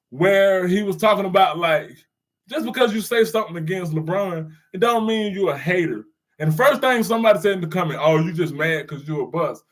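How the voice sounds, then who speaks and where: High-voiced man chatting with his viewers. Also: a bit bright. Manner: laid-back slang, laughs often, addresses chatters. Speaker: streamer reading live chat. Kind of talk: casual live-stream commentary.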